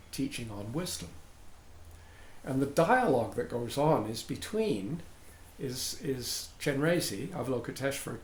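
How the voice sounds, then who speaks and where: A man giving an informal dharma talk to a group, chatty and digressive, often checking in with "right?". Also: medium pitch. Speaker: dharma teacher. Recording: roomy sound with faint background noise.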